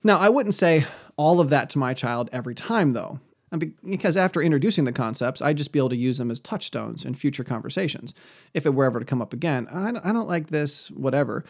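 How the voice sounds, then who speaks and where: A man's voice: mid-range voice, animated, quick pace. A man giving an earnest, conversational Christian teaching on parenting, often quoting scripture. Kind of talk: earnest religious teaching talk.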